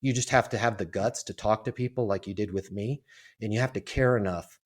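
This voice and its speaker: A man of fifty, a guest on a podcast, telling his life story in a casual, animated way and acting out the voices of the people in it. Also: lowish voice, brisk. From Colorado, US. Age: 50s. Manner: animated storyteller, acts out quoted voices, repeats words.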